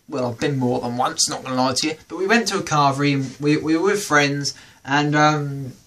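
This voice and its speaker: A man with a British accent hosting a comedy show, performing a stand-up routine and acting out the voices of people in his stories. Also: a little high. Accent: British English. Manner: animated, acts out quoted voices. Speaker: comedy podcast host.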